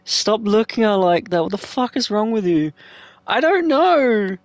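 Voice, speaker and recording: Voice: mid-range voice, fairly quick, no room sound. A gameplayer chatting casually over a life-sim game, swearing freely and talking to the game characters.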